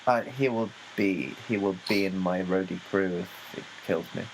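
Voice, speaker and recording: A man's voice: deep voice, normal speed, a little hiss or hum, rough recording. A man co-hosting a casual comedy podcast, talking in a playful way and jumping into silly bits. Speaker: podcast co-host.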